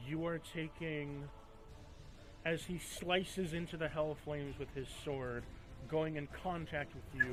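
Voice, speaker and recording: A male game master narrates a tabletop fight in a sharply bright, slightly high voice, calling out damage and asking for rolls. Faint music runs underneath. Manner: calls out damage and rolls, describes the action.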